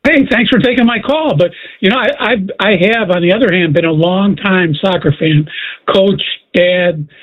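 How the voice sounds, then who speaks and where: A man calling into a sports radio show, speaking in an earnest, measured way with some stammering. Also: high voice, highs cut off. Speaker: caller. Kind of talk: call-in radio talk.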